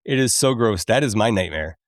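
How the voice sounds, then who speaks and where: A man in his thirties hosting a podcast, chatty and quick to laugh as he recaps a film and admits it moves him. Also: lowish voice, animated, no room sound, studio quality. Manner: chatty, laughs often, openly emotional. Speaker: podcast host.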